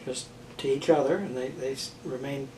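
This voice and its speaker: An older man answers interview questions about family and marriage in a measured, halting way, often pausing and restarting his sentences. He is heard from some distance in a roomy space. A faint background hiss sits under the voice. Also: mid-range voice, a little mellow. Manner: thoughtful, halting, many fillers and restarts. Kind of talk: oral history interview.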